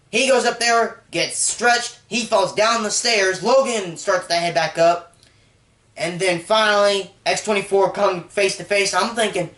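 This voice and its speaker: Reviewer channel host, chatty recap with lots of filler, mid-pitched voice in an echoey room. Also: moderate pace, fairly bright tone. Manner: rambling, heavy use of "like", emotional about the story. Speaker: movie reviewer. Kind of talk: casual spoken film recap.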